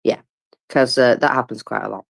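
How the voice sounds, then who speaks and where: Low-voiced, tired woman chatting informally. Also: sing-song, unhurried, a little mellow. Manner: chatty and informal, with many fillers and asides; wry, self-mocking humor. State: tired, yawning. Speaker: war commentator. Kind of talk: casual live audio-room commentary.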